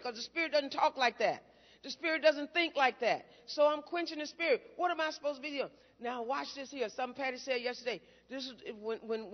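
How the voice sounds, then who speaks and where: A woman preacher giving a fervent sermon, repeating phrases and calling out to her congregation, moving between quiet teaching and loud shouting. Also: high voice. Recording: dull recording with long hall reverb.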